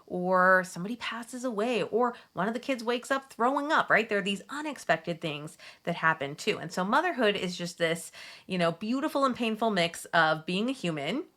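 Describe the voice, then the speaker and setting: A woman in her thirties, a Catholic mom coach, talking straight to her viewers in a chatty, gently soothing way. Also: mid-range voice, lively intonation, normal speed. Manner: warm, chatty, gently soothing self-talk asides. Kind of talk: direct-to-camera advice talk.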